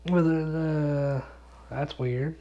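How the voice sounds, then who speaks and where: Slow, rambling young man on a dull lo-fi recording. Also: a little high, steady tone, mellow. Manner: rambling, swears a lot, chuckles often, loses his thread. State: sleepy, yawning. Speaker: podcast host and gaming YouTuber. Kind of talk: rambling late-night solo podcast.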